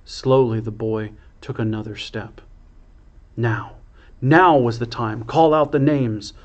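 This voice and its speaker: A man, a priest, reading a children's storybook aloud in a slow, expressive way. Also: mid-range voice, dull audio.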